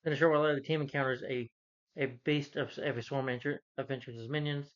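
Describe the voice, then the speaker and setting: A man's voice: medium pitch, fairly even intonation, fast talker, muffled recording. A man giving a casual, opinionated movie review, rambling with many restarts and fillers.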